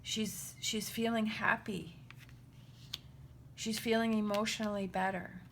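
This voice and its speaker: A woman's voice: mid-range voice, fairly even intonation, a little slow, gravelly, a bit bright, slight background noise. A woman giving a casual spoken tarot reading, earnest and reassuring, often checking in with the listener. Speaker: tarot reader.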